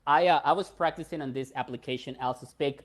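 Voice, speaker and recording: A man's voice: mid-range voice, quick pace. A man hosting a live stream, chatting casually, reading out viewer questions and telling stories. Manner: conversational, agreeing often, storytelling.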